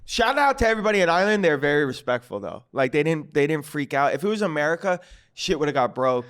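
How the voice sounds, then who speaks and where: A man, a guest comedian, telling stories in a casual, animated and profane way on a podcast. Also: fairly high pitch, fast talker, clean tone. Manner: animated, profane storyteller acting out quotes. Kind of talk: casual storytelling. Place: podcast studio.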